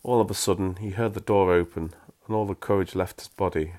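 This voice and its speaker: A man's voice: low-pitched, steady tone, a little fast, darkish tone. A man reading a story aloud, breaking off for wry, self-mocking asides.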